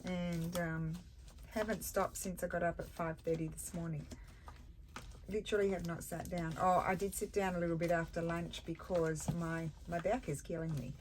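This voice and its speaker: An older Australian woman with a low voice talks through a craft project at her table, chatty and easily sidetracked. She sounds tired. Steady noise runs under the recording. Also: normal speed. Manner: chatty, easily distracted, thinks aloud while working. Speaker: craft channel host. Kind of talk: casual crafting chat.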